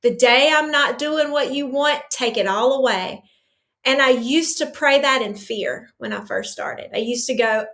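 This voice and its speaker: A woman's voice: high-pitched, unhurried, fairly bright tone. A woman yoga teacher speaking earnestly and emotionally about her faith in an interview. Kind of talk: faith-centered interview talk.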